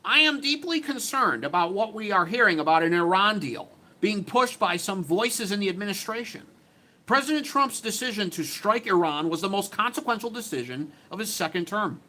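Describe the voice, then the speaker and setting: A man putting on a mocking impression of a whiny male politician, reading his post aloud in a high voice. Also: expressive, normal speed, sharp tone.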